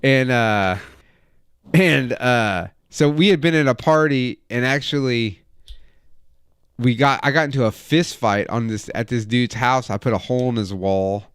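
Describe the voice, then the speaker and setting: A man's voice: medium pitch, a little slow, clear, resonant tone, no echo, studio quality. A man in his thirties telling a wild, profane story in casual chat as a podcast host. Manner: profane, animated anecdote telling.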